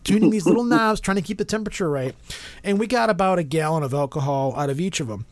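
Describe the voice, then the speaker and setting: A talkative man with a fairly high voice, rambling through a story and stumbling over his words. His voice sits close and dry with no room echo. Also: animated, quick pace. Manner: rambling storyteller, many restarts. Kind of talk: casual chat.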